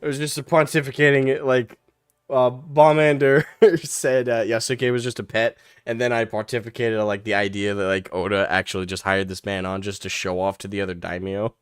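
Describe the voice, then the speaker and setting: A man's voice: lowish voice, level tone, brisk, clear, resonant tone, no room sound, studio quality. A man hosting a casual livestream chat, rambling, swearing and laughing often. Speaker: livestream host and podcast co-host.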